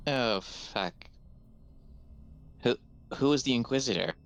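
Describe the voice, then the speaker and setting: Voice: medium pitch, takes it slowly, clean tone. A player in a tabletop fantasy game speaking in character, wry and sarcastic.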